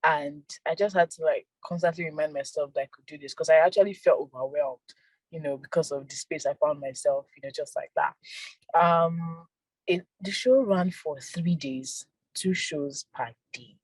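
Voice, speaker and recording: A young woman, an actress and filmmaker, giving soft-spoken casual interview answers with frequent laughs. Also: deep voice, moderate pace, slightly rough, dry recording, rough recording. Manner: soft-spoken, laughs often, repeats words.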